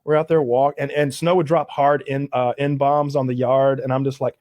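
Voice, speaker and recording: A man in his thirties telling stories in a casual podcast chat, animated and quick to laugh. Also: mid-range voice, no room sound. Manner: animated, laughs often, mimics others. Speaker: podcast co-host. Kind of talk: casual storytelling.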